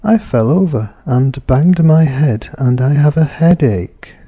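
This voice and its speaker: A man's voice: on the high side, expressive, slow, warm tone, husky, dull audio, pitched above the performer's own voice, heavily acted. A man reading the replies of a son who feels ill, in a plain, slightly raised voice. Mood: unwell. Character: young son feeling unwell.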